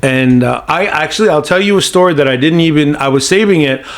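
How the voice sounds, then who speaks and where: Chatty man telling stories, slightly high voice. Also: fairly quick. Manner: animated anecdote-telling, lots of "you know". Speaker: guest actor. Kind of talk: casual podcast storytelling.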